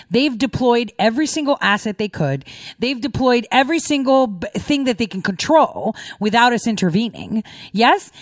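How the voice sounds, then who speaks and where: A woman's voice: mid-range voice, a little mellow, dry recording, clean studio sound. A middle-aged woman talking casually to her viewers, emphatic and repetitive, with lots of rhetorical questions. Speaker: commentator.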